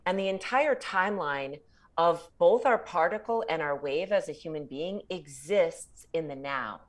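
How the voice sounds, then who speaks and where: A woman speaking as an author in a reflective spiritual talk, measured and pausing to find her words. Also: on the low side, expressive.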